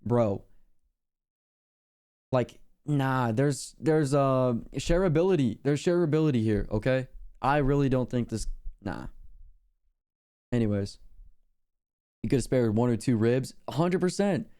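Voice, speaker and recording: A man's voice: medium pitch, animated, a little slow, long pauses, warm tone, clear, resonant tone. A young man streaming casually, rambling in a laid-back slangy way with lots of fillers. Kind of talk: casual reaction chat.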